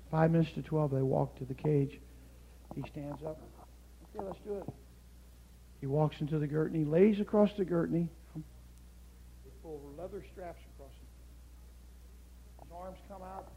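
A man's voice: on the high side, slight background noise. Impassioned older male preacher, muffled sound. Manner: swings from hushed storytelling to shouted, impassioned preaching. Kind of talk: sermon.

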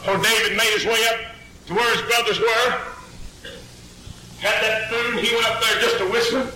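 A preacher with a high, very bright voice delivers an exclaiming, storytelling Pentecostal sermon. His words bounce around an echoey church hall with a faint hum of ambience underneath. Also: fairly even intonation, normal speed.

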